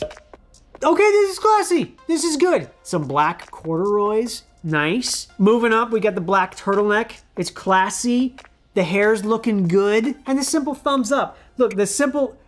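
A man in his thirties talks through his childhood red-carpet outfits in a loose, casual vlog manner. His tone is playful and self-mocking, and quiet music plays faintly behind him. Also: sits high. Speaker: former child actor reviewing his old outfits.

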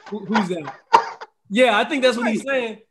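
A middle-aged man from the United States hosts a casual livestream chat in a high, bright voice. He laughs often and reads viewers' comments aloud as he goes. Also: normal speed, a loud crowd. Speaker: host.

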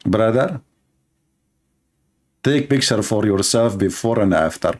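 A man's voice: on the low side, lively intonation, slow, a little mellow. A man giving mocking religious polemical commentary in a sarcastic tone. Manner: sarcastic, laughing at his own points. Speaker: religious debater.

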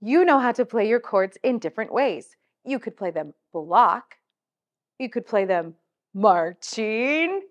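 A woman's voice: fairly high pitch, sing-song, lo-fi sound. A woman teaching a children's music lesson, upbeat and coaxing, leading call-and-response. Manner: upbeat, coaxing, slow and clearly articulated.

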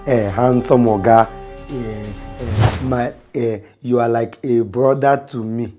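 A man's voice: mid-range voice, fairly even intonation, takes it slowly, over music. A man with a Nigerian English accent acting in a comedy sketch. He speaks emphatically and keeps breaking into laughter.

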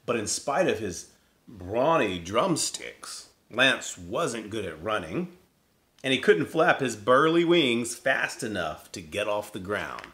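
A man reading a picture book aloud in a gentle, playful storytelling manner. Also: fairly low pitch, very animated, slow pace, roomy sound.

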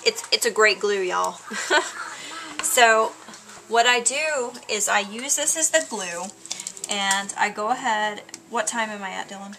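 A woman chatting her way through a craft tutorial at home, relaxed, with lots of ums. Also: mid-range voice, measured pace, slight background noise. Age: adult with a child.

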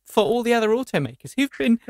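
A woman hosting a car news podcast panel, talking in a playful, animated way. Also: a little high, fast talker, dry recording, studio quality. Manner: animated, playful, lots of restarts and laughs. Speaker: podcast host.

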